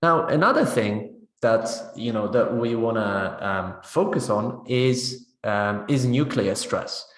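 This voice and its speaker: A man's voice: lowish voice, lively intonation, slow pace, few pauses, reverberant. A man leading a teacher-training session on pronunciation, explaining step by step and often checking in with "right?". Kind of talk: webinar teaching demonstration.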